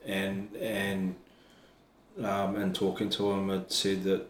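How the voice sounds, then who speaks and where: Low, flat man, hesitant. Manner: halting, hesitant, repeats words. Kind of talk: casual chat. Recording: echoey room with faint background noise.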